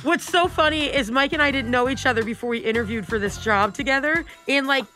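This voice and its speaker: Bright-voiced bubbly woman radio co-host. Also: high-pitched, brisk, soft background music. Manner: bubbly, laughs while telling stories. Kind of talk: casual morning radio chat.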